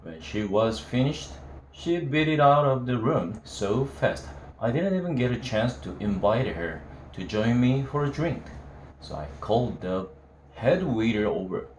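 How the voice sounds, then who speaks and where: A man reading a novel aloud, telling it slowly in a casual first-person voice. His delivery is unhurried. The recording is roomy, with a faint hum of ambience behind him. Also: mid-range voice, very animated. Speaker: reader of a novel.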